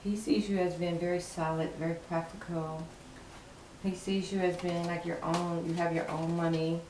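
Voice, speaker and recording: A woman gives a casual tarot reading with emphatic, sassy flair, repeating her points for effect. Her voice sits a little low and sounds set back from the mic. The room around her echoes noticeably. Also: flat delivery, normal speed, a little mellow, far from the mic. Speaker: tarot card reader. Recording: roomy, from afar, faint hiss.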